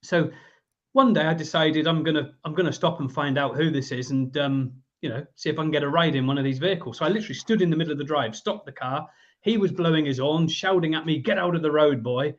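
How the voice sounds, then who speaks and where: An English man in his fifties, a guest in an interview, telling a long story with lively energy and slipping into the voices of the people in it. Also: on the high side, quick pace. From England. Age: 50s. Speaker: guest, business owner. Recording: muffled lo-fi audio.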